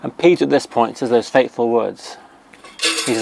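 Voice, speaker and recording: Preacher for a children's talk, gravelly, conversational storyteller, echoey hall. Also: male voice, mid-range voice, moderate pace, recorded from a distance, background noise. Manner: conversational, animated storytelling, dropping to a hush for emphasis. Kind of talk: children's sermon retelling a Bible story.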